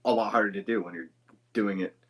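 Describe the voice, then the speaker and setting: A man, a guest voice actor, talking in a loose, rambling podcast chat with casual swearing and quick asides. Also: fairly low pitch, steady tone.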